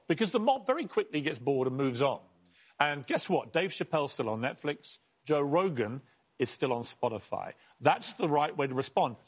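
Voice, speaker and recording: A man with a British accent, an animated, indignant panelist on a TV debate. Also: medium pitch, slightly rough.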